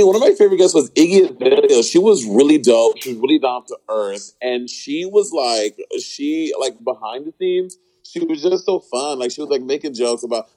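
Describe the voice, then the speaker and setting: A man chatting casually as a guest. He uses playful, profane slang and jumps into high-pitched exclamations. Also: warm tone, low-quality recording. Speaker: podcast host appearing as a guest. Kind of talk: casual chat.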